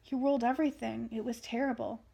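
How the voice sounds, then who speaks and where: A woman's voice: on the high side, steady tone, fast talker, vocal fry, mellow, a little hiss or hum. A woman reading aloud the lines of a troubled, grave teenage wizard boy in a plain read-aloud manner.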